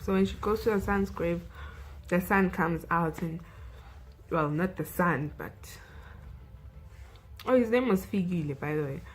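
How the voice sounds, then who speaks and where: A woman's voice: lowish voice, a little slow, long pauses, low-quality recording. A young South African woman vlogger recapping a film in a chatty way, saying "like" and "you know" a lot.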